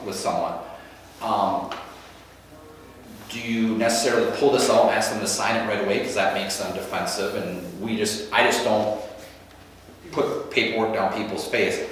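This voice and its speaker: A man with a lowish voice leads a real estate training session and explains each step in plain, practical terms. He is recorded from a distance, and a long, roomy reverb hangs on every word. Faint room ambience sits underneath. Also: a little hiss or hum. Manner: practical, conversational, walks through forms step by step. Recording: echoey room from far off.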